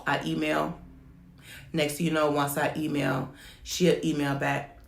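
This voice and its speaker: A woman's voice: low voice, flat delivery, measured pace, vocal fry, roomy sound. A woman who runs a home child care business, talking frankly to the camera and telling her stories with emphasis. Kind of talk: candid talk-to-camera advice.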